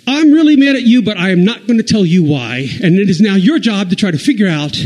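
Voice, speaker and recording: Man doing a sulky younger daughter, petulant, pitched up. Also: lively intonation, fairly quick, darkish tone, low-quality recording. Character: sulky younger daughter, mad but secretive.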